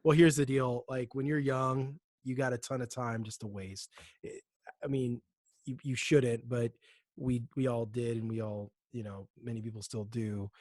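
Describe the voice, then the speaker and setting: Young man, podcast co-host, casual rambling talk, middle pitch, dry close sound. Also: level tone, normal speed, darkish tone, dry recording. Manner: rambling, storytelling with many restarts. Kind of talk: casual chat.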